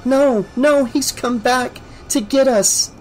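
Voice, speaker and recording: A frightened teenage girl, as a male reader puts her on, her voice pushed high and tight. She sounds urgent and shaken in a spoken horror audiobook. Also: drawn-out words, a bit bright, soft background music, heavily acted, rough recording.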